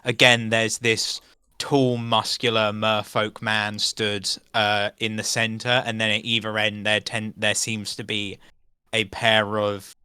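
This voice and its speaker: A man's voice: fairly low pitch, completely flat delivery, unhurried, pushed and bright, smooth, no room sound. A man narrating as game master in a tabletop game, loose and filler-laden.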